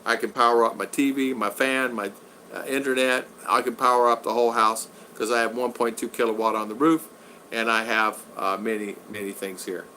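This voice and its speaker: A man's voice: mid-range voice, steady tone, fairly quick, pushed and bright, slight background noise. An older man from Utah, casually chatting on a livestream from his home and answering viewer comments in an upbeat, rambling way. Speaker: livestream host. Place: home in the Philippines.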